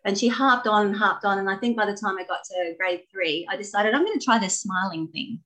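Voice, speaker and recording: A woman telling stories about her ballet training in a casual interview, animated and laughing often. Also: medium pitch, a little fast, rough recording. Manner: animated, laughing, expressive storyteller. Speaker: guest, former ballet dancer.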